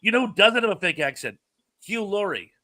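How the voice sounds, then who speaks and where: A man hosts a relaxed livestream talk, spinning anecdotes with plenty of fillers and easy laughter. His voice sits a little high and rings bright and sharp. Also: brisk. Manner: chatty storyteller, laughs often, many fillers. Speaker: show host. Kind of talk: casual livestream chat.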